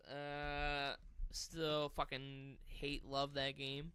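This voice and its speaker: A man with a bright, crisp voice chats casually on a gaming podcast. He tells his stories with animated energy and plenty of swearing. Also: on the high side, drawn-out words. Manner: animated storytelling with swearing and laughs. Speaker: podcast co-host.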